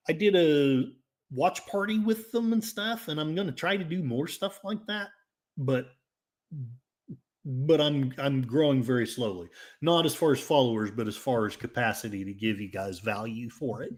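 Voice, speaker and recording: A man's voice: on the high side, lively intonation, normal speed. A man with an Oklahoma accent hosting a casual livestream, reading chat comments in a rambling, jokey and self-mocking way. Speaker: livestream host.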